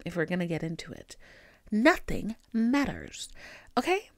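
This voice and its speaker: A woman with a Southern country accent, hosting a podcast and giving candid advice in an animated, sassy way with lots of emphatic repetition. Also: on the low side, unhurried, no echo. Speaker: podcast host.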